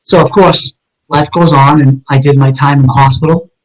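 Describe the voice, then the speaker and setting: A man's voice: on the high side, steady tone, normal speed, rough recording. A middle-aged man, a retired detective, earnestly recounting a personal story as an interview guest, acting out the dialogue vividly.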